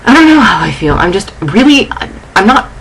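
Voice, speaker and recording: A woman's voice: mid-range voice, sing-song, a bit bright, slight background noise, poor audio. Shaken, angry young woman vlogging. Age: young adult. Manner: agitated, halting, restarting sentences. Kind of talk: casual vlog. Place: dorm room.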